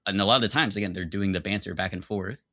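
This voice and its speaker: A man's voice: low voice, quick pace, bright, forceful tone, dry recording, studio quality. A young man arguing insistently in a casual comedic film debate. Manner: argumentative, insistent, laughs easily.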